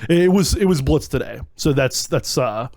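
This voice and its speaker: A man co-hosting a casual podcast, telling stories in a rambling, animated way with lots of fillers. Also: mid-range voice, moderate pace, no echo. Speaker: podcast co-host. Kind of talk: casual chat.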